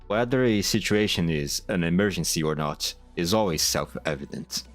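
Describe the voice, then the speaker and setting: A man voicing a stern, formal older male church official, speaking gravely and in measured phrases. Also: low voice, expressive, faint music behind, voice pushed down. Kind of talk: amateur reading of game dialogue.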